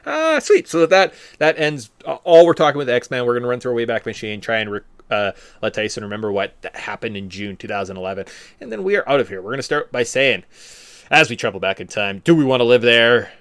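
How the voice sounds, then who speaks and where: A man hosting a podcast in casual chat, animated and joking. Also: medium pitch, fast, smooth, no room sound, studio quality. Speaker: podcast host.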